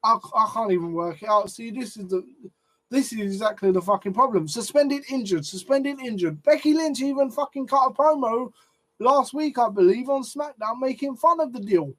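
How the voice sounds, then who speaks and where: His very high-pitched voice is expressive and fairly bright, at a normal speed. He hosts a wrestling commentary channel and airs a cursing, ranting opinion, flustered and repeating words as his annoyance builds.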